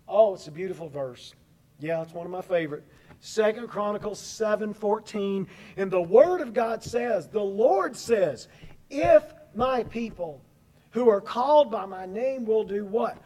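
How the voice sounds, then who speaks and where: Male pastor, high-pitched, warm and mellow tone, earnest sermon delivery with emphatic slowed phrases. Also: low-quality recording. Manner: earnest, emphatic, slows down on key words. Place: church sanctuary.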